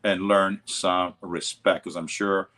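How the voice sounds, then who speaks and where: A martial arts instructor with an Italian accent, rambling in casual chat with lots of fillers and laughs. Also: male voice, sits low, flat delivery, slow pace, fairly bright tone.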